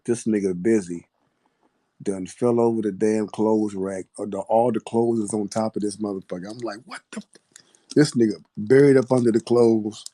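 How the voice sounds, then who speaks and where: A man's voice: lowish voice, fairly even intonation, moderate pace, warm tone. A man telling a story in a laid-back, profane way, laughing often as he goes. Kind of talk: casual storytelling.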